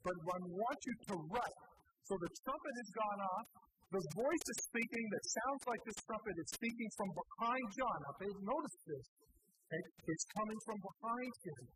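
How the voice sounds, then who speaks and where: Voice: mid-range voice, lively intonation, moderate pace. A pastor teaching Bible verses in a conversational way, asking listeners rhetorical questions and correcting himself mid-phrase. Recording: clear background hiss.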